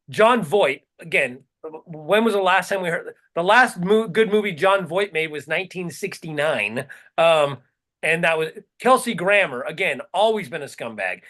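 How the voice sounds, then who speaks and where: A man with a bright, edgy voice co-hosts a comedy podcast. He rants with sarcastic, profane disbelief. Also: fairly high pitch. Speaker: podcast co-host. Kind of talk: casual comedic chat.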